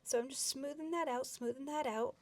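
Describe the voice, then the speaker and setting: A woman's voice: high voice, steady tone, fairly quick, darkish tone, no room sound. A young woman chatting casually through a nail tutorial, giggly and rambling with lots of fillers. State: a bit out of breath.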